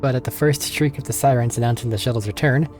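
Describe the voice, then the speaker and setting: A man's voice: medium pitch, fast, a little mellow, soft background music. Man narrating a tabletop game. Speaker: game master.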